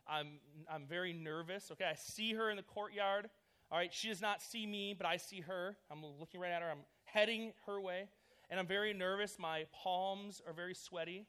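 A youth pastor with a high-sitting, smooth voice speaks at a moderate pace. He gives young listeners a casual sermon, storytelling energetically and chattily, with frequent fillers.

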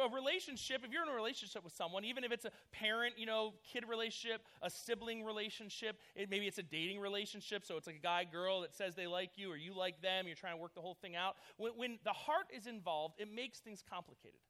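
A man's voice: high-pitched, quick pace, hardly any pauses. A man, preaching a casual sermon to young people, telling stories with lots of fillers. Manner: energetic, chatty storytelling with many fillers. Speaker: youth pastor.

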